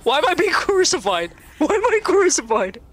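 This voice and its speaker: Giggly high-voiced young woman gaming. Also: moderate pace. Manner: giggly, excitable, shrieks and laughs often. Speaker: gaming streamer. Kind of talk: casual gameplay commentary.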